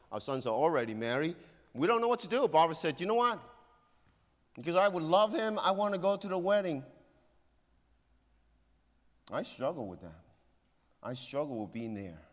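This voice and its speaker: A man with a fairly high voice preaches a sermon as a pastor. He speaks earnestly, pressing hard on some phrases and sinking to near-hushed tones on others. His voice rings with long reverb in a large hall. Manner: earnest, swings between loud emphasis and hushed low tones.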